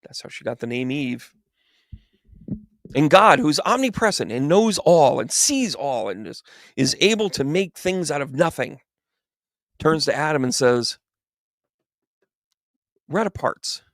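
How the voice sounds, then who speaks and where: Male medium, irreverent comic storyteller, gravelly, rambling, dry close sound. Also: fairly high pitch, sing-song, a little slow, fairly bright tone, no room sound. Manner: irreverent, rambling, stammering restarts. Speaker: spiritual medium.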